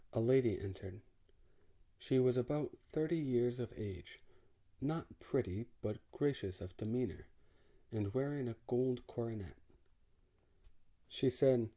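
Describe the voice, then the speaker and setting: A man narrating an audiobook in the first person, in a measured, wry way. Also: mid-range voice, dark tone.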